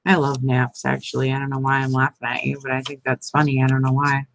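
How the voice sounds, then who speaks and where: A woman's voice: very deep voice, monotone, fast talker, vocal fry, no room sound, poor audio. Chatty woman crafting on camera. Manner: chatty, laughs often, talks to live viewers. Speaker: crafting vlogger. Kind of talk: casual crafting chat.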